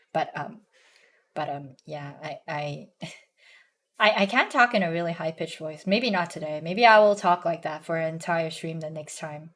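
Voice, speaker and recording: A young woman streamer chatting casually with a hoarse, strained voice, stumbling over restarts and fillers. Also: low-pitched. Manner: halting, many restarts and ums, self-conscious.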